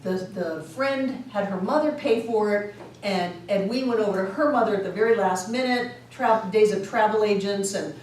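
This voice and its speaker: A woman's voice: mid-range voice, normal speed, a little mellow. A woman teaching a spiritual class, telling stories with animation, laughing often and acting out voices. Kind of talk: storytelling lecture to a class. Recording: very echoey room, distant mic, faint hiss.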